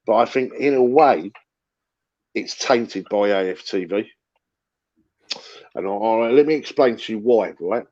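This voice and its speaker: A man's voice: on the low side, unhurried, long pauses, darkish tone, dull audio. A middle-aged man, rambling and swearing as he chats about football on a fan livestream. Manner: rambling, repeats himself, swears. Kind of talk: casual livestream chat.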